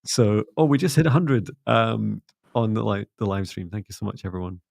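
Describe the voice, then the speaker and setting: A middle-aged man hosting a spiritual livestream, talking in a soft, gently meditative way. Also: on the low side, animated, moderate pace, gravelly. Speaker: psychic mentor and livestream host. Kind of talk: casual livestream chat and guided closing.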